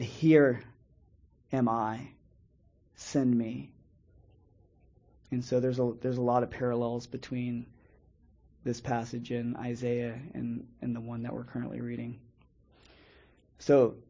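Guy teaching a bible lesson, slow careful reading, warm low tone, kinda muffled recording. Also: little pitch movement. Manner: measured, reads scripture slowly with pauses and restarts. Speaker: preacher teaching a Bible study. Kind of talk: sermon-style Bible teaching.

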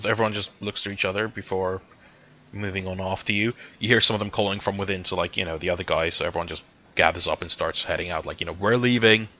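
Game master narrating a tabletop game, a man with a low but bright voice, hesitant and descriptive. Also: flat delivery, quick pace. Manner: descriptive, hesitant, many fillers.

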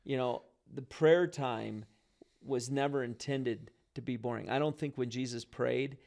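A man's voice: mid-range voice, unhurried, gravelly, darkish tone. A man, a pastor who does marriage counseling, talking earnestly and reflectively about prayer in a casual conversation.

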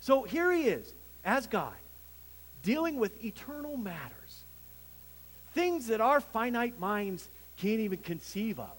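A man preaching a sermon as pastor, swelling to emphatic peaks and dropping low, with some restarts. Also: very animated, measured pace, big-room sound, poor audio.

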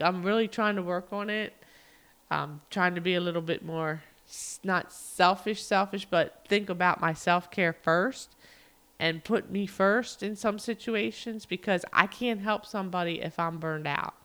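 A woman's voice: on the low side, a bit bright. A middle-aged woman talking casually and earnestly as a podcast co-host, rambling with frequent fillers. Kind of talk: casual heartfelt monologue.

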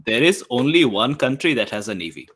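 A man's voice: mid-range voice, very animated, brisk, a bit bright, slightly rough. A man playing a tabletop game, chatting casually and making wry, joking asides. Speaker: player. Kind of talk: casual tabletop role-play.

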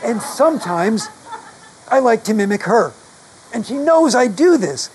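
A man's voice: very high voice, very animated, a little slow, darkish tone, a little hiss or hum, poor audio. A man whose voice is damaged by long covid, telling stories as a guest author in a chatty, self-deprecating way. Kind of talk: casual storytelling in a live conversation.

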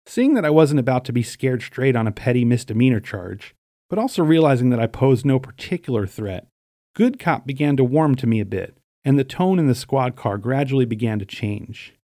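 A middle-aged man from Staten Island, New York, narrating his memoir in a dry, wry, deadpan way. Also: mid-range voice, a little fast, no echo.

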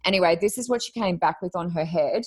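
Animated woman telling a funny story. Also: fairly low pitch, quick pace, breathy edge. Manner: lively, laughing, mimics others' voices in quotes. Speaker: podcast guest. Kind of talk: casual chat, animated storytelling.

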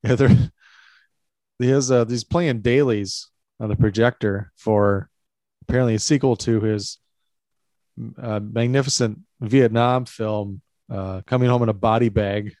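Podcast guy recapping a movie, lowish voice, halting, dry mic. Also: no room sound. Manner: relaxed, halting recap with fillers. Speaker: podcast co-host. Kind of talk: casual movie-breakdown chat.

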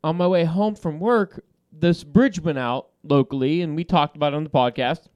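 A man's voice: fairly high pitch, moderate pace, clear, resonant tone, no echo. A man hosting a podcast, telling a heated story with lots of swearing and laughter in casual banter. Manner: animated storytelling with profanity and laughter. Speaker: podcast host.

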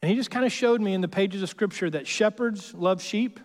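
Preaching a sermon, a male pastor speaks in a high-pitched voice, fairly quickly. He keeps it casual and joking, checking in with the congregation with frequent "right?"s, all with a long hall reverb.

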